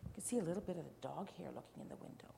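A woman reads a picture book aloud to children, animated and playful. She pauses to ask the listeners questions and sometimes dips into whispers. Her voice sits low, with a faint hiss behind. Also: gravelly. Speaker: storyteller.

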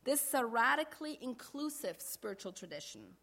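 Woman pastor preaching a measured sermon. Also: a little high, sing-song, pushed and bright. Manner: measured, slows to stress key phrases.

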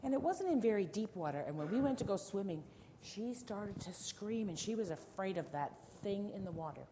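A woman teacher talking gently with young children, asking them questions and telling them a story. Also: mid-range voice, animated, brisk. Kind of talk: classroom storytelling. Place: classroom. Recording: noisy classroom recording.

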